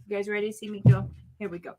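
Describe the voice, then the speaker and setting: A woman's voice: medium pitch, little pitch movement, racing, mellow, soft background music. A woman hosting a crafting vlog from home, chatting casually and rambling to her viewers while she works.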